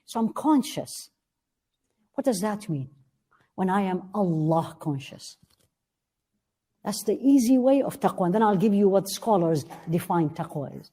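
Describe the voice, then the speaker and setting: Woman giving a religious class, mellow voice, earnest, asks the room questions. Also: mid-range voice, animated, slightly rough. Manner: recites Arabic verses quickly. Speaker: religious teacher.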